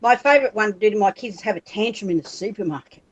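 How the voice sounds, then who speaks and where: A woman's voice: mid-range voice, very fast. A woman in her fifties telling playful stories in casual chat, acting out her family's lines. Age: 50s.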